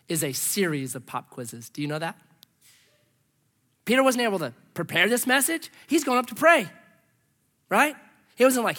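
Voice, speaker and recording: A male pastor delivering a lively sermon, his high, bright voice leaping up and down as he acts out the people in his stories. He shifts from loud, excited outbursts to quiet, almost whispered asides. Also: normal speed. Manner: animated storytelling, acts out dialogue, swings from loud to hushed.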